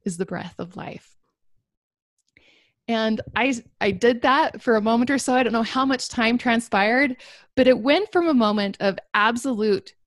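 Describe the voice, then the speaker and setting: In clean studio sound with no echo, a young woman of medium pitch tells her own story as a guest. It's a personal testimony, delivered earnestly and reflectively, with light laughter between lines.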